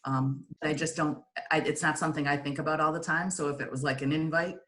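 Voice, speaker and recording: A woman who played and now coaches, answering thoughtfully with many pauses and fillers. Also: low-pitched, steady tone, fairly bright tone. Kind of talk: casual interview.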